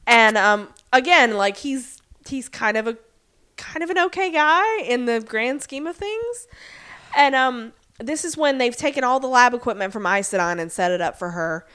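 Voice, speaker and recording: A woman co-hosting a casual podcast recaps a TV episode scene by scene, briefly acting out characters' lines and saying "um" and "like" a lot. Her voice is fairly high and bright, with lively intonation and a clear, resonant tone.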